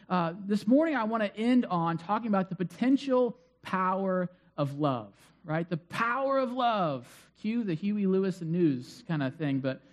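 A middle-aged man delivers a sermon in a casual, talkative manner, his voice sitting notably high. He keeps things light with quick asides and plenty of fillers. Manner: conversational, self-deprecating asides, many fillers. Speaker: pastor.

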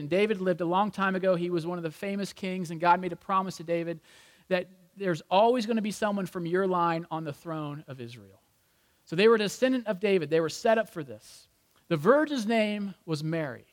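A man's voice: sits high, a little fast. A male pastor preaching a sermon in a church with humorous, conversational storytelling. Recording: long reverb in a large hall.

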